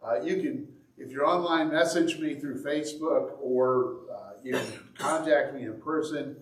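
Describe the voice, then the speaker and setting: Earnest pastor preaching in an echoey room. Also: male voice, fairly high pitch, measured pace, far from the mic. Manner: earnest, with dry sarcasm. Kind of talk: sermon.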